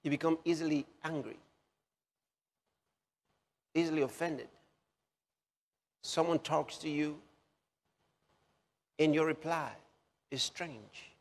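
A man preaching a sermon, slowly repeating key phrases for emphasis. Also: fairly high pitch, fairly even intonation. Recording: long hall reverb.

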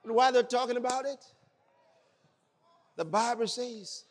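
A man preaching a sermon with exuberant shouted exclamations and dramatic storytelling. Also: very high-pitched, a little slow, long reverb tail, slight background noise.

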